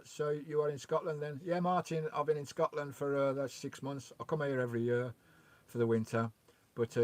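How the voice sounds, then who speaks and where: A man hosting a casual live stream outdoors by a loch, chatting away and greeting viewers as he reads their messages, on a remote mic. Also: medium pitch. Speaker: vanlife livestream host. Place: outdoors by a loch beside his van. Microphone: remote microphone.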